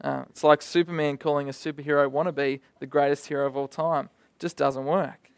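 A young man delivers a sermon in an animated, conversational manner, dropping in vivid asides. His voice sits a little high for a man. The sound is close and dry, with almost no room around it. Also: brisk, vocal fry, clean tone, dry recording. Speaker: preacher.

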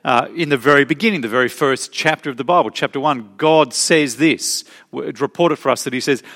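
A man preaching a sermon as pastor, emphatic, slowing down to stress key phrases. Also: mid-range voice, fairly bright tone. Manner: emphatic, varied pace with slow stressed phrases.

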